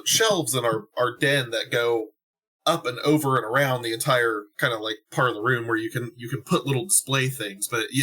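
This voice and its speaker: A man co-hosting a podcast, chatting in a relaxed, rambling way. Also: medium pitch, low-quality recording. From US, raised by Northerners and Kentuckians. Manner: relaxed, rambling, quick laughs. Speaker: podcast co-host. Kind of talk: casual podcast chat.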